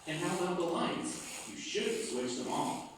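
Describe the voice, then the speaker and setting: A man's voice: high voice, expressive, unhurried, a little hiss or hum. A man playing a strict roommate who lists his complaints firmly, in a scripted listening exercise played over classroom speakers. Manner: firm, lecturing list of complaints. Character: man named Jim, strict fussy roommate. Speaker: actor in a textbook listening dialogue. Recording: very echoey room, played from far off.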